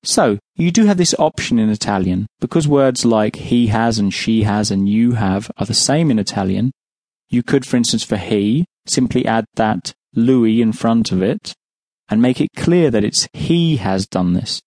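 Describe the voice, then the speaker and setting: A man's voice: on the low side, lively intonation, normal speed, a little mellow, dry recording. Patient English man teaching a language. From England. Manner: patient, explains and then asks the listener to answer. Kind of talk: audiobook language lesson, prompting the listener.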